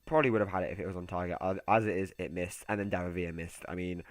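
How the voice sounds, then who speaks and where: A young man giving casual, chatty commentary over a football video game, excitable and given to muttered asides. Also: low voice, rapid-fire, no room sound. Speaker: gaming YouTuber.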